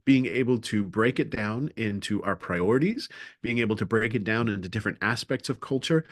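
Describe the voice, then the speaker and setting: A man presenting a webinar, telling a comic story with lively timing and then turning to his main points. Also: mid-range voice. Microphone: video call.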